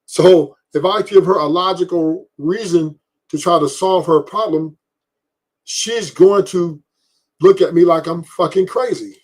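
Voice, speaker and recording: Laid-back man explaining slowly. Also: sits high, darkish tone, poor audio. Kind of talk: casual debate talk.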